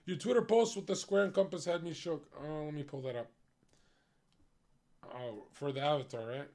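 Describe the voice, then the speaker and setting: A man's voice: fairly high pitch, normal speed, a little mellow. Blunt, profane young man ranting. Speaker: streamer. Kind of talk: casual chat.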